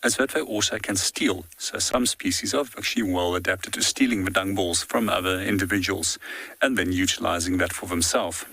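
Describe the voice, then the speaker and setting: A man guiding a walking safari outdoors, giving calm, explanatory live commentary. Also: sits low, normal speed, husky, rough recording. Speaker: safari guide. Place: outdoors in the bush on foot.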